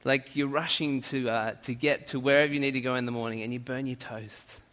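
Bright-voiced joking Australian man. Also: mid-range voice, fairly even intonation, a little fast. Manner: playful, joking, chatty. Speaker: speaker addressing an audience. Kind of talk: humorous stage talk. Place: large hall with audience. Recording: echoey hall.

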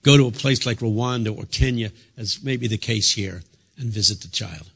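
A man preaching a sermon in a church, impassioned, dropping to a hush and then rising loud again. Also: fairly low pitch, normal speed, creaky, breathy edge. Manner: impassioned, swings from hushed to loud.

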